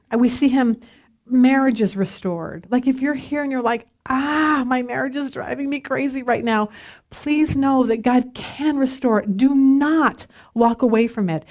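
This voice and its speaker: A woman's voice: a little high, darkish tone. A middle-aged woman teaching a women's Bible study in a chatty, self-deprecating way, laughing often.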